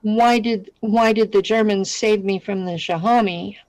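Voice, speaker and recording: A woman hosting an online radio talk show, speaking earnestly and halting with restarts. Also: mid-range voice, steady tone, a little mellow, no room sound, rough recording.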